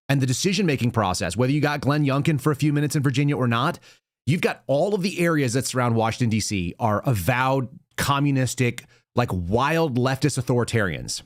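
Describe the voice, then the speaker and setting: A man's voice: mid-range voice, expressive, fairly quick, dry recording, clean studio sound. A man hosting a live political commentary show, talking casually and bluntly with sardonic, rambling asides. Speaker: podcast host.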